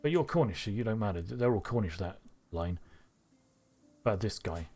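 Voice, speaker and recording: A man streaming a strategy game live, thinking aloud with excitable bursts. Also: lowish voice, normal speed, slightly rough, soft background music.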